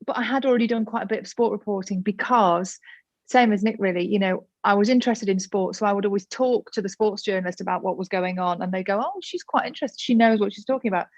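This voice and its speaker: A woman's voice: medium pitch, fairly even intonation, fast, no room sound. A woman, a broadcaster on a panel, talking chattily and candidly. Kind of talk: casual panel talk.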